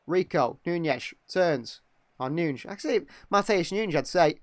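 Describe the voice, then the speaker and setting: A young man giving partisan live fan commentary on a match, excitable and quick to criticise players. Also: on the high side, dry recording. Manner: excitable, exclaiming at big moments, critical of players.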